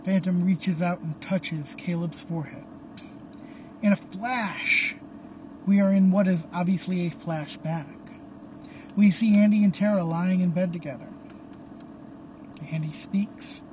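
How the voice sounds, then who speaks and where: A man narrating a dark dramatic story in a hushed, dramatic way. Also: high-pitched, steady tone, unhurried, long pauses, slight background noise.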